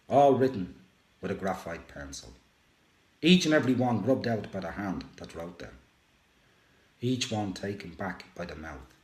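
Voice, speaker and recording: A man giving a dramatic reading of a first-person poem, emotive, with big rises and hushed drops. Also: lowish voice, reverberant, a little hiss or hum. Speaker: radio show host.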